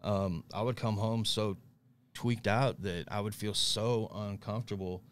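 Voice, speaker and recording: A man's voice: lowish voice, fairly even intonation, measured pace, slight background noise. A man speaking as a guest, telling his recovery story in a blunt, candid way, often tagging "right?" and "um". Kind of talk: recovery story in casual conversation.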